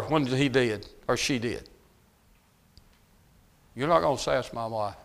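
A middle-aged man preaching a folksy sermon, dropping to quiet asides and rising to loud shouts. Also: medium pitch, slow, creaky, long pauses.

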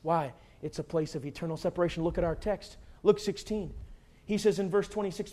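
A fervent middle-aged preacher, his voice sitting a little higher than most men's. He swings from near-whispers to full-throated cries as he pleads with the congregation. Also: steady tone, a little fast. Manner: fervent, dynamic swings from hushed to shouting. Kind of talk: sermon with altar call.

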